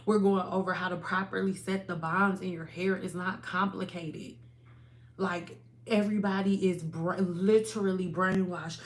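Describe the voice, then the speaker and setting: A woman hosting a hair care livestream from home, talking to her viewers in a casual, animated and emphatic way. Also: mid-range voice, moderate pace.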